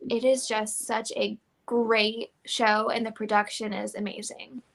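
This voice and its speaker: A woman's voice: fairly high pitch, little pitch movement, unhurried, creaky. A young woman guest in a casual interview, bubbly and laughing often as she chats. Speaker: guest musician.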